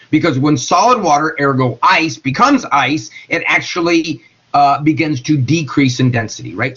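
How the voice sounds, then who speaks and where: In a dull, lo-fi classroom recording, a middle-aged man teaches chemistry with a fairly high, slightly bright voice. He's folksy and jokes around, calling on his students by name.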